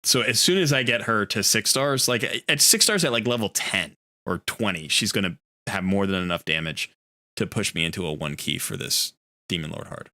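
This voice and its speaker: A man's voice: lowish voice, moderate pace, pushed and bright. A man streaming a video game live, talking casually in a rambling, easygoing way and often correcting himself.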